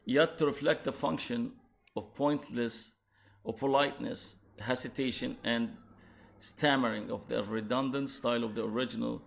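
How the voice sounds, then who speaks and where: Gravelly-voiced male lecturer with an Arabic accent. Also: mid-range voice, steady tone. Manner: measured, explanatory, with restarts. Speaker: university lecturer. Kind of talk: recorded lecture on translation.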